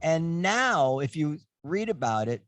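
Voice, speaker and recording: A man's voice: on the high side, sing-song, unhurried, fairly bright tone, no echo. A man hosting a casual table chat, musing and thinking aloud with restarts. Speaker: host.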